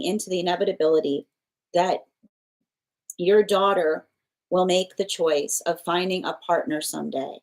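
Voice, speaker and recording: A woman's voice: on the low side, fairly even intonation, normal speed, long pauses, poor audio. A woman giving a live tarot dream reading in an earnest, flowing way, often checking in with "right?" and leaning on spiritual phrases. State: choked up with emotion. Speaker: tarot reader.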